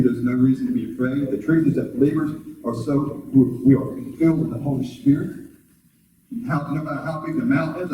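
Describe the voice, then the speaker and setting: A man preaching from a pulpit in a big, echoey church hall, his voice mellow and a little distant from the mic. He talks in a loose, conversational way, checks in with the congregation through rhetorical questions, and his voice leaps up when he plays out quoted voices. A faint hum of room noise sits behind him. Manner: acts out quoted voices with sudden high pitch jumps. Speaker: pastor. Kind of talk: sermon. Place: church sanctuary.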